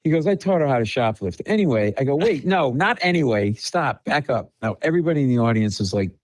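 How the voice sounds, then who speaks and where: This man's medium-pitched voice moves fast as he chats on a podcast, where he's a comedian guest spinning animated stories and performing the dialogue. There's slight background noise, and the recording is rough.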